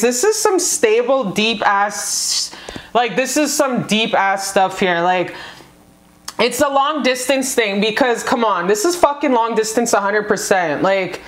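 A woman with a fairly high voice does a casual pick-a-card love reading. She talks in a gushing, foul-mouthed way, speaking straight to her viewers as "you guys." Her voice carries a roomy echo. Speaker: tarot card reader.

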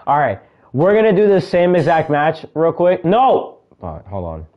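Excitable young man calling game matches. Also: fairly high pitch, moderate pace, highs cut off. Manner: excitable play-by-play, shouts at big moments, mutters asides. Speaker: gaming video creator. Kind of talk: casual gameplay commentary.

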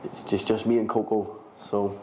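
A man's voice: lowish voice, flat delivery, moderate pace, background noise. Jokey man, laughing through his talk. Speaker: gym owner. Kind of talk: interview.

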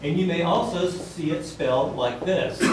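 A man's voice: a little high, background noise. A male university instructor giving a classroom lecture. He asks the class questions and jokes between points. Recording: echoey classroom.

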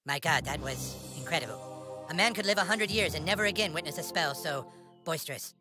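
A man's voice: very high-pitched, big pitch swings, normal speed, heavily acted. An actor playing a crude, bossy young boy acting as a mock-solemn fantasy mentor in a video game. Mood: awed. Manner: mock-solemn, foul-mouthed. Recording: game audio with loud music.

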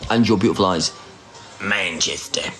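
A man's voice: low-pitched, moderate pace, a bit bright, faint music behind. A man in his forties hosting a casual phone livestream, teasing, flirty and sarcastic, and often mocking himself. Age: 40s. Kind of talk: casual live chat.

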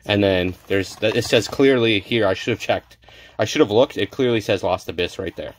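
A man hosts a casual card-unboxing video, talking in an easygoing, slightly lower voice. He rambles cheerfully and trips over tricky names. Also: moderate pace, slight background noise. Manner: chatty, stumbles over names. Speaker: card-opening channel host.

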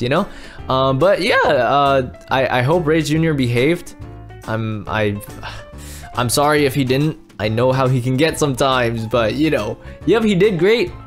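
A man narrating and voicing his own character in a casual game roleplay, excitable, often repeating words and restarting sentences. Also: medium pitch.

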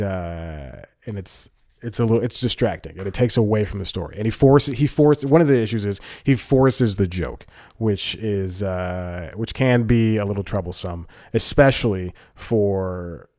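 A man's voice: on the low side, darkish tone, no echo, studio quality. A man hosting a casual solo comedy podcast from home, rambling with lots of restarts and laughs. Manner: rambling, self-interrupting, laughs often. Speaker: podcast host. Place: home room, talking to a camera.

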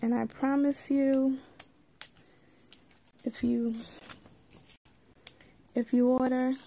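A woman hosts a relaxed live stream of a casual unboxing chat, taking her time and greeting each viewer by name. Her slightly high voice has a mellow, darker tone with a gravelly edge. Her delivery is easygoing, slow and drawn-out, with frequent asides.

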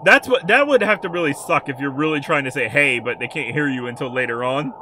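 A man's voice: a little high, lively intonation, a little fast, background noise. A man hosting a reaction video, commenting casually and jumping at scary moments. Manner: jumpy, exclaims and laughs, talks to the viewer casually.

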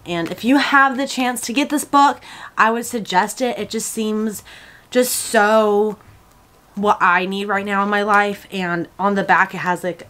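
A woman's voice: mid-range voice, a bit bright. A young woman chatting in a casual vlog, gushing and emotional, close to tears. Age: young adult. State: tearful. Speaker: vlogger.

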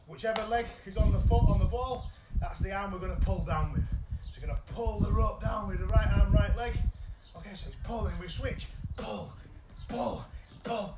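Upbeat high-voiced coach in an echoey room. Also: male voice, heavy background noise. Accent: British English. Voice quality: energetic, encouraging instructions. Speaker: children's football coach. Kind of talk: live online coaching session. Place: indoors at home.

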